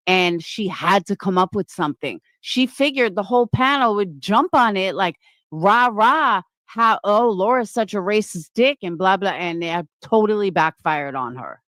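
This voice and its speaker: A woman's voice: mid-range voice, fairly bright tone, no echo. A woman hosts a livestream panel and delivers a profane, confrontational rant. She calls her target out over and over. The sound is dry and close. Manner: profane, confrontational, repeatedly calling someone out.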